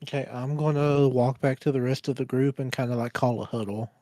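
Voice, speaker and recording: A man's voice: mid-range voice, fairly even intonation, fairly quick, warm tone, no echo. A man playing a tabletop game, talking in a hesitant way with lots of fillers. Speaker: player. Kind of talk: casual tabletop play.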